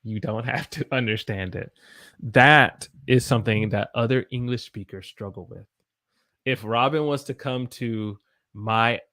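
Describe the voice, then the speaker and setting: A man's voice: medium pitch, a bit bright, no room sound, studio quality. Southern American man teaching English casually. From Southern United States. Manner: chatty, reads viewer comments aloud, demonstrates pronunciation. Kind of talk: casual livestream English lesson.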